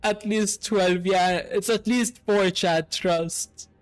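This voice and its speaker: A man streaming a video game, chatting casually and excitably with his viewers and swearing freely. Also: sits high, takes it slowly, faint music behind. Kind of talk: casual live-stream chat while gaming.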